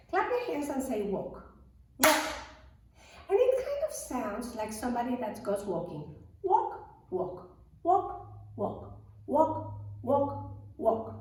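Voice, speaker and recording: A woman music teacher guides little children through rhythm with a slow, sing-song delivery. Her high voice swoops lively up and down. The sound is very echoey and comes from a mic placed away from her. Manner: slow, sing-song, encouraging call-and-response. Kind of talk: lesson for young children. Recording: echoey room, mic far off.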